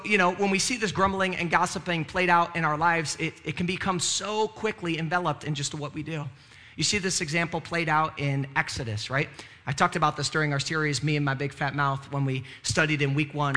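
A man's voice: on the high side, pushed and bright. A male pastor preaching a sermon in a conversational way, with frequent "right?" asides and moments of rising fervor.

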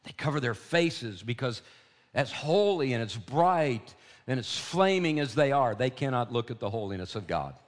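Man, pastor, sermon, dramatic, hushed to loud, emphatic repetition. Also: mid-range voice, very animated, moderate pace.

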